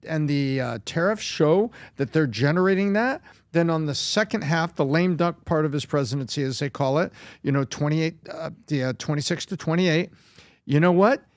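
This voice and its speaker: A man's voice: a little high, moderate pace, dry recording, clean studio sound. A man on a podcast panel giving confident, emphatic opinions. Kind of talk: casual panel discussion.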